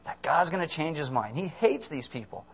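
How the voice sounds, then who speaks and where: A man preaching a casual, conversational sermon, animated and often acting out the people in his story. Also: on the high side, normal speed, slightly rough.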